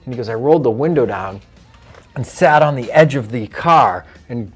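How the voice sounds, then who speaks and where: A man telling a story in casual chat, animated and profane, quoting his friends. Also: medium pitch, normal speed, faint music behind. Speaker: guest comedian.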